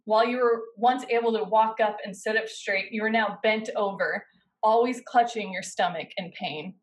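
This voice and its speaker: A woman pastor preaching a sermon, guiding her listeners through a scene in the second person with slow, dramatic pauses. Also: medium pitch, low-quality recording. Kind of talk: sermon with guided imaginative narration.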